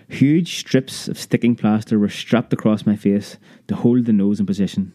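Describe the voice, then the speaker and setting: A man narrating a memoir audiobook in a measured, vivid storytelling manner. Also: on the low side, mellow, no echo.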